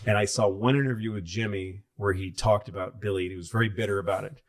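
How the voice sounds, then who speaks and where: A man's voice: on the low side, steady tone, fast talker. A comedian in his fifties, telling rambling, profane stories in casual chat.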